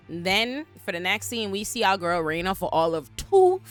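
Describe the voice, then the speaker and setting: A woman giving a casual, animated, slangy recap of a TV episode. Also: mid-range voice, moderate pace, few pauses, faint music behind. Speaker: show recapper.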